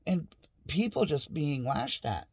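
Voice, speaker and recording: A man's voice: on the high side, big pitch swings, slow pace, a little mellow, husky. A middle-aged man in a casual, rambling monologue at home, frustrated and restarting often. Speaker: vlogger. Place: home with dogs nearby.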